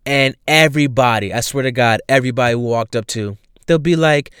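A man telling a funny personal story in a casual, animated way, laughing often and using slang and swearing. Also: mid-range voice, a little fast, clean tone, no room sound, studio quality.

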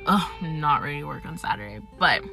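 Bright-voiced young woman chatting from her car. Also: sits low, animated, fast, vocal fry, faint music behind. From Atlanta, United States. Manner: chatty, swears freely, laughs often. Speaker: podcast host. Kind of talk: casual chat. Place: parked car in a parking garage.

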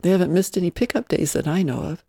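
An earnest widowed ranch mother, voiced by a reader, gentle and pleading. The tone is mellow and dark, and it sits close and dry with no room sound. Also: medium pitch, fast, creaky, husky, no echo. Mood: matter-of-fact.

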